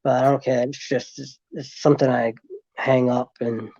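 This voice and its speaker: A man guest telling a long story in casual chat, rambling with many fillers and restarts, and getting animated as he retells events. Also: mid-range voice, normal speed, no room sound, dull audio.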